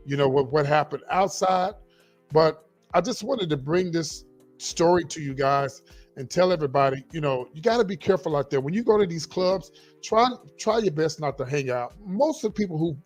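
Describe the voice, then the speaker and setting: Middle-aged male livestream host, lively and a bit high-pitched, quiet music underneath. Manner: animated, repeats himself, talks straight to viewers as y'all. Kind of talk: casual livestream chat reading viewer comments.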